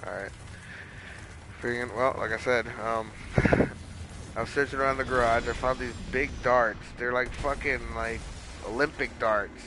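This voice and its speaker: A man's voice: medium pitch, steady tone, unhurried, very noisy. A man casually telling a long story while playing a video game, rambling with lots of swearing and fillers. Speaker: gaming streamer.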